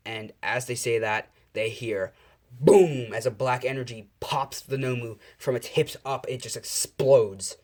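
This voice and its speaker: A man's voice: mid-range voice, measured pace, a little mellow. A man telling an improvised fan-fiction story in a casual, rambling way, full of fillers and self-corrections.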